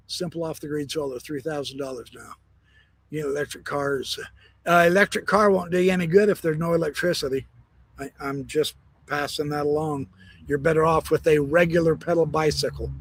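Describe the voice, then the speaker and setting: Jokey backyard streamer, a man with a husky, slightly high voice who rambles cheerfully. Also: a bit bright. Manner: rambling, jokey, laughs at own jokes. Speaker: live stream host. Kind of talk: casual live-stream chat. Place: backyard, outdoors.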